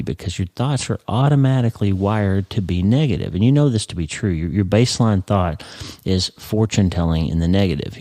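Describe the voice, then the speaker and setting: A middle-aged man hosting a podcast, talking earnestly about happiness and acting out people's inner thoughts with rising excitement. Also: low-pitched, dry recording, clean studio sound. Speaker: podcast host. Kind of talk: motivational podcast talk.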